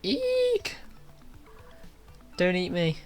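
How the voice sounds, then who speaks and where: A man's voice: medium pitch, lively intonation, normal speed, faint music behind, close to an everyday voice. A man voicing a small, frightened young male puni creature who talks in a jumpy, pleading way in a video game. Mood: scared.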